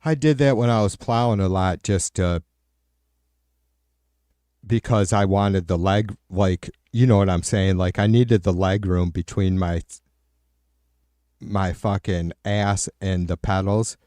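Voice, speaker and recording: A man's voice: deep voice, measured pace, long pauses, dark tone, no echo. A middle-aged man hosting a livestream, chatting casually with viewers and answering their comments aloud in a profane, rambling way. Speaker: livestream host.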